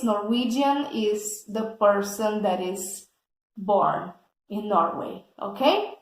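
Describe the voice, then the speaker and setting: A woman teaching English vocabulary, explaining words slowly and patiently and often checking in with "okay?". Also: fairly high pitch, reverberant, rough recording. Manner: slow and patient, checks understanding with a frequent "okay?".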